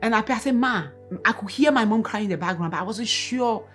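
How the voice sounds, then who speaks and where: A woman's voice: fairly high pitch, a little fast, husky, faint music behind. A woman from Ghana, tearfully sharing an earnest, emotional personal testimony as co-host of a Christian couple's channel. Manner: earnest and emotional, reliving events in detail.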